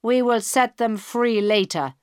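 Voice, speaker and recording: A woman's voice: fairly high pitch, unhurried, a little mellow, clear, resonant tone, no room sound, clean studio sound, voice pushed up, lightly acted. A woman reading a cold, menacing male hijacker.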